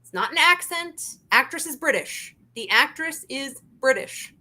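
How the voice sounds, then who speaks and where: A woman with a high, bright voice hosts a casual review chat. She talks in an animated, emphatic rush and hammers her points home by repeating them. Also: measured pace. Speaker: channel host.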